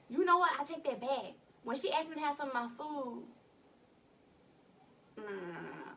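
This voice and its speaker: A woman's voice: sits high, brisk, creaky, far from the mic, slight background noise. A young woman telling a story in casual vlog style, acting out her own lines. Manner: animated, acts out her own lines in quotes. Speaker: vlogger.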